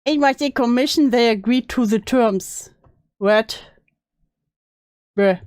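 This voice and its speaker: A woman streamer chatting casually and bluntly while reacting to videos, sarcastic and quick to swear. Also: fairly high pitch, darkish tone, clean tone, dry recording, studio quality. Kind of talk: casual live-stream chat.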